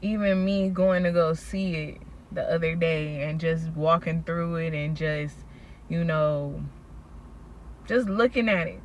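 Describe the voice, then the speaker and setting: A woman telling a personal faith story in a casual vlog, slangy and animated as she recounts events. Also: low-pitched, a little slow, a little hiss or hum. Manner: animated storytelling, acts out quoted people, slangy. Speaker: faith vlogger.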